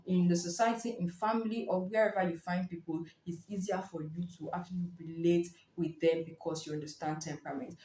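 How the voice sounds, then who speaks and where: A woman giving a casual spoken book review, explaining in a lively way and acting out short reactions. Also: fairly low pitch. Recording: roomy echo.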